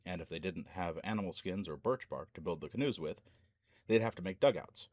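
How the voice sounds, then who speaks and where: A man reading a fantasy novel aloud as an audiobook narrator, keeping a steady pace and barely changing his voice for the characters. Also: low-pitched, a little fast, no echo.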